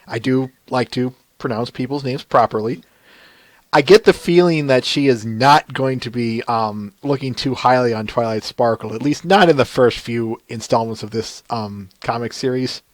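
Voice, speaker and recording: A man hosts a casual podcast, chatty and quick to laugh. His voice sits in an ordinary middle pitch. The sound is dry and close, with no room in it. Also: no room sound. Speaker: podcast host. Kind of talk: casual chat.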